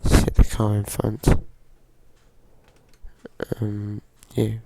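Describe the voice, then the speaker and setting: A man with a groggy voice from a cold, giving slow, hesitant casual commentary while playing a driving game. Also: fairly low pitch, monotone, gravelly, dark tone. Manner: slow, hesitant, with frequent fillers. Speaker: gaming channel host.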